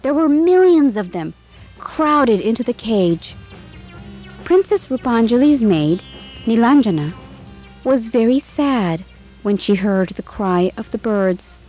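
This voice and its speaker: Woman storyteller, bedtime tale, slow and measured, faint music underneath. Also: a little high, animated, mellow, poor audio.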